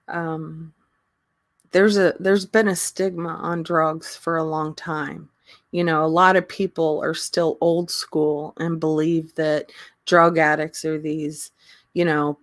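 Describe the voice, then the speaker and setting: A woman hosting a casual livestream, talking slowly with many pauses and ums and often laughing. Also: sits low, no echo. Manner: slow, halting talk with frequent ums and laughter. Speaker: livestream host.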